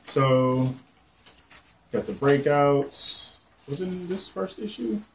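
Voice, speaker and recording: A man casually showing off his comic collection on camera, rambling excitedly and swearing casually as he goes. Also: fairly high pitch, slow pace, slight background noise. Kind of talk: casual show-and-tell.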